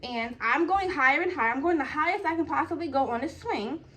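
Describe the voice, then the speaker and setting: Young woman vlogger, casual storyteller, slightly high voice, chatty with lots of fillers. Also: expressive, a little fast, pushed and bright. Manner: chatty, full of "like" and "okay?".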